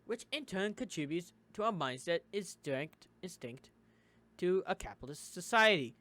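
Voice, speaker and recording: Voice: medium pitch, expressive, a bit bright. American gamer reading a visual novel aloud. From United States. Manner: reads dialogue in shifting character voices with quick asides. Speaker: gaming YouTuber.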